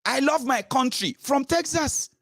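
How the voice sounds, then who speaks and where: A man's voice: extremely high pitch, expressive, measured pace, vocal fry, a bit bright, no room sound, studio quality, voice pushed up, exaggerated voice. A man putting on the voice of a smug, self-satisfied man who lectures others from abroad, mocking him. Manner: mocking, preachy.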